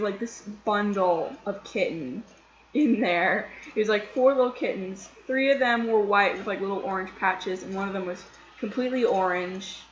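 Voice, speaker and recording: A young woman casually telling a story from her life. She talks in an excitable, chatty way and says "like" often. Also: mid-range voice, roomy sound, muffled recording, a little hiss or hum. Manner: chatty, excitable retelling full of "like". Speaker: vlogger.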